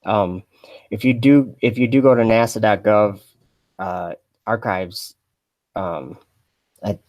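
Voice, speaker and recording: A man chatting on a mock live stream in a deadpan, rambling way, full of fillers and restarts. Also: fairly low pitch, takes it slowly. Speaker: satirical livestreamer posing as an astronaut.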